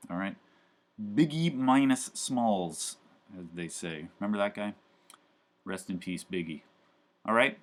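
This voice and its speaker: A man's voice: fairly low pitch, a little slow, long pauses. A man teaching a live university calculus class, talking casually with lots of fillers and joking asides. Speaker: university math professor.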